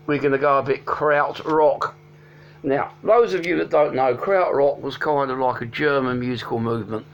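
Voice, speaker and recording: A man's voice: mid-range voice, a bit bright. A man casually reviewing albums at home, rambling with many ums and restarts but enthusiastic. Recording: dull lo-fi sound with faint hum.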